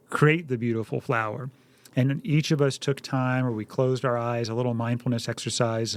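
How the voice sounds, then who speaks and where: A middle-aged man co-hosting a parenting talk, earnest and storytelling, acting out little dialogues. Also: medium pitch. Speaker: podcast co-host, parent.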